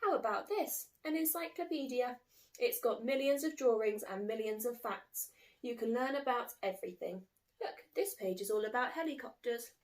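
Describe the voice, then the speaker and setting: A woman's voice: fairly high pitch, expressive, moderate pace, darkish tone, natural voice. Woman reading as a patient big brother. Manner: patient, explaining. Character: patient older brother, calm and reasoning. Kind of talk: storybook reading.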